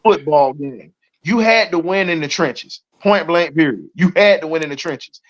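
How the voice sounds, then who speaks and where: A man's voice: fairly high pitch, lively intonation, normal speed, faint music behind. A man with a Southern US accent hosting a heated sports talk show, fired up and colorful in his trash talk. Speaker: show host. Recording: dull lo-fi audio.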